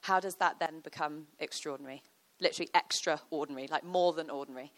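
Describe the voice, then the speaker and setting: A woman's voice: deep voice, fast talker, a bit bright. A woman giving a chatty, conversational sermon, full of fillers and storytelling. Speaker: church speaker.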